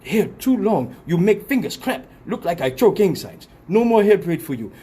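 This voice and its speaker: A man's voice: high-pitched, big pitch swings, moderate pace, mellow, husky, voice pushed up, exaggerated voice. A man voicing a fed-up African hair braider with an African accent, talking in blunt, clipped broken English. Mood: scolding.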